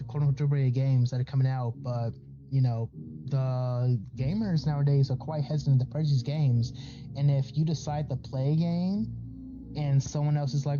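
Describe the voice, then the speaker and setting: A man talks casually to his audience about streaming growth, looping back with fillers and restarting his sentences. His voice sits at an ordinary pitch. The audio is a bit dull and lo-fi, with clear music running underneath. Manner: rambling, conversational, many fillers and restarts. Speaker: VTuber content creator. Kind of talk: casual educational talk.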